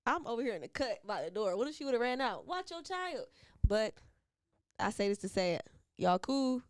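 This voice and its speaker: A young woman co-hosting a casual podcast, her voice a bit high. She tells stories with real animation, jumping into quoted voices and swearing freely. The sound is dry and close. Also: big pitch swings, moderate pace, no echo. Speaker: podcast co-host. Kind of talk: casual chat, storytelling.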